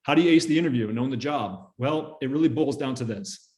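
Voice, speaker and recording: A middle-aged man speaks quickly in a relaxed lecture voice, spinning anecdotes with plenty of fillers. His pitch sits in an ordinary male middle range as he moves through his slides. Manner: fast, chatty storytelling with fillers and laughs. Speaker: guest speaker teaching interview skills.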